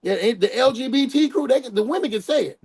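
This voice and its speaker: Middle-aged Chicago man, high gravelly voice, animated storyteller acting out quotes. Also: fast. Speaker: guest comedian. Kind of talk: casual podcast chat.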